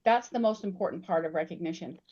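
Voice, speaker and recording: A woman's voice: lowish voice, fast talker, a little mellow. Earnest woman with muffled lo-fi audio. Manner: earnest and emphatic, repeats words while building points. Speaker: guest speaker on employee recognition. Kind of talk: panel discussion storytelling.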